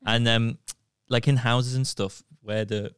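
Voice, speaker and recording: A man's voice: medium pitch, unhurried, smooth, dry recording, studio quality. A man, co-hosting a casual comedy podcast and telling stories while laughing between lines. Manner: animated storyteller who keeps laughing mid-sentence. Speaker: podcast co-host.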